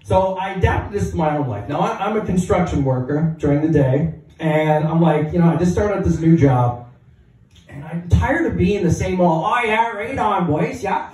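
Brief: young stand-up guy, animated and crude, high voice, distant mic. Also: moderate pace. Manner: profane, animated storytelling. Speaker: stand-up comedian. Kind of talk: stand-up comedy set. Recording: echoey hall, mic heard from afar.

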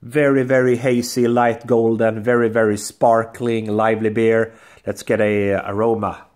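A man's voice: lowish voice, flat delivery, moderate pace, a little mellow. A man hosting a casual beer review vlog, chatty and talking to viewers as guys, often saying "I would say". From Sweden. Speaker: beer reviewer, channel host.

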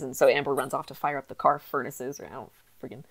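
A woman's voice: a bass voice, fast talker, breathy edge. A woman hosting a comedy podcast, sarcastically reading out a bad story, swearing freely. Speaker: podcast host.

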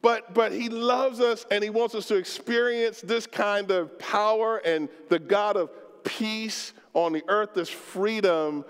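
A man preaching a sermon as pastor, impassioned and colloquial, swinging between shouted lines and low, slow ones, and acting out prayers in the first person. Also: steady tone, clear, resonant tone. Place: church sanctuary. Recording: long reverb of a church hall.

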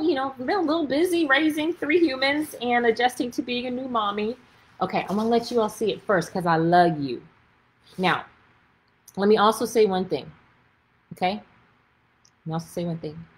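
A woman's voice: medium pitch, slight background noise, poor audio. A woman with a Texas accent, an author chatting casually and effusively on a livestream. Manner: chatty and effusive, gushing with excitement. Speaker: author and faith speaker.

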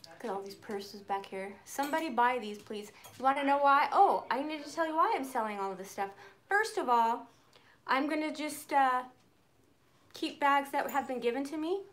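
A middle-aged woman chatting excitedly and frankly on a live phone stream from her home shed. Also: high voice, normal speed. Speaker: purse vlogger. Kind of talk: casual live-stream chat. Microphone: phone camera.

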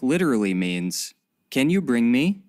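A narrator of a recorded language lesson, giving clear, even scripted translations. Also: mid-range voice, unhurried.

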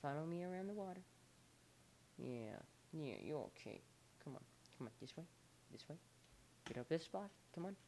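A man's voice: a little high, animated, moderate pace, pauses often, mellow, slight background noise. A young man giving playful let's play commentary, coaxing an animal along with lots of repeated encouragement. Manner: playful, coaxing and repeating himself as if talking to a pet. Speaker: gamer.

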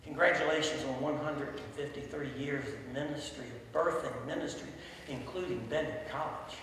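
A pastor preaches a sermon in a large church sanctuary, telling stories as his voice swells loud and drops low, with fairly even intonation at a moderate pace. He's recorded from far off in an echoey hall with faint ambience.

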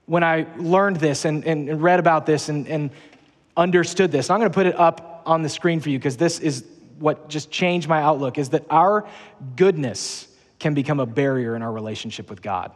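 A man's voice: a little high, long reverb tail. A man preaching a sermon as pastor in a large church auditorium, earnest and emphatic, repeating his key phrases.

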